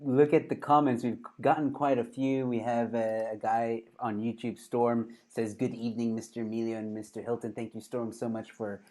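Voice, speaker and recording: A man's voice: medium pitch, little pitch movement, normal speed, hardly any pauses, dark tone. A man hosting a casual online interview, laughing easily and reading out viewer comments. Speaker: host.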